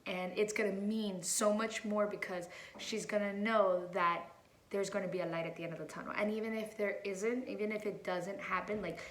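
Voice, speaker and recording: A woman's voice: mid-range voice, steady tone, normal speed, roomy sound. A woman in her thirties, a mother telling a heartfelt personal story in a casual, rambling way with many fillers and restarts.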